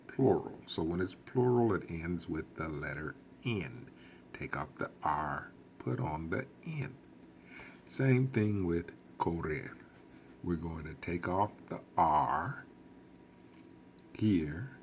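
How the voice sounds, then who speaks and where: A man teaching a recorded lesson as a Spanish teacher, explaining slowly and patiently with lots of repetition. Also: sits low, a little mellow, slight background noise.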